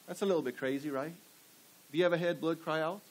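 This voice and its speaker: In church before his congregation, a man preaches with a fairly high, steady-toned voice at a slightly fast clip. He keeps throwing out rhetorical questions and urging call-and-response replies, all on a low-quality recording.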